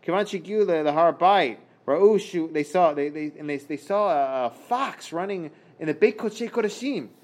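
A man teaching a Talmud page in a casual lesson. He reads Hebrew and Aramaic passages aloud, translates them, and talks haltingly, with many fillers and restarts. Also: fairly high pitch, expressive, darkish tone. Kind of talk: casual daf study lesson.

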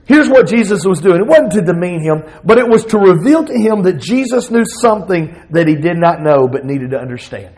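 A middle-aged man with a Southern accent preaching a sermon, expressive, at times acting out the words of Jesus. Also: sits high, low-quality recording. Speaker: pastor.

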